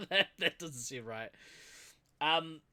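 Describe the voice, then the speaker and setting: A man's voice: a little high, lively intonation, slow pace, bright, forceful tone. A man from New Zealand with a Kiwi accent, co-hosting a podcast in casual chat, laughing often and using lots of fillers. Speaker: podcast co-host.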